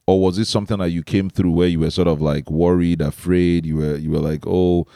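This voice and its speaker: A man with a very deep voice hosts a casual podcast chat. He asks loose, rambling questions full of fillers. The sound is dry and close to the mic. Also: fairly even intonation, brisk, dark tone, dry recording. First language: Igbo. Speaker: podcast host.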